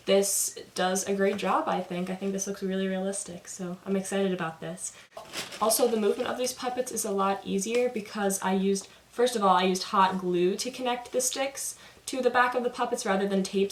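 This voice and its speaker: A young female student enthusiastically explains her project in a casual video shot in an echoey home basement. Her voice is medium-pitched, and the recording carries a little hiss or hum.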